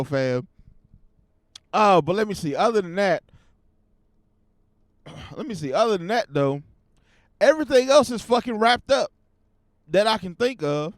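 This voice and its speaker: Man, podcast host, casual rant, lots of cursing, high voice, swoops up and down. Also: a little slow, long pauses, no echo, studio quality. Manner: profane, animated ranting. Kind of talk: casual solo podcast commentary.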